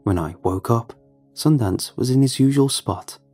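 A man narrating a first-person horror story in a calm, measured, low-key way. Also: slightly rough, faint music behind.

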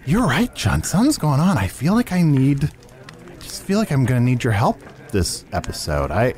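A man hosts an improvised comedy podcast in a playful, hesitant way. His pitch sits mid-range and swings widely. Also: huge pitch swings, moderate pace, a little mellow. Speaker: host.

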